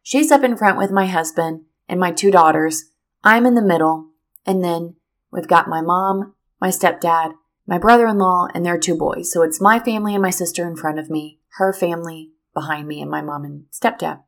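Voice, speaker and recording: A middle-aged woman telling a personal story to teachers, animated and speaking straight to her listeners. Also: lowish voice, normal speed. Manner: animated, addresses listeners directly.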